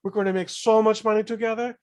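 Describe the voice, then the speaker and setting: A man doing a high-voiced impression of a scheming carnival manager who talks like a wheedling salesman. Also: flat delivery, fast talker, darkish tone, dry recording, studio quality, natural voice. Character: scheming middle-aged male carnival manager, Colonel impression.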